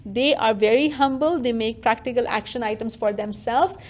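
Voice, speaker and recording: A woman teaching a religious lesson to a class, animated and interactive, often questioning her listeners directly. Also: a little high, moderate pace. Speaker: Quran teacher.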